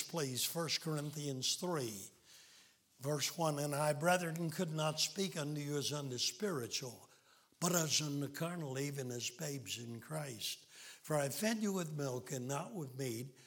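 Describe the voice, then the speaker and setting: Male preacher, middle-aged, unhurried delivery; folksy sermon with scripture readings. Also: on the high side, fairly bright tone. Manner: folksy storytelling preacher, reads scripture in old-style wording.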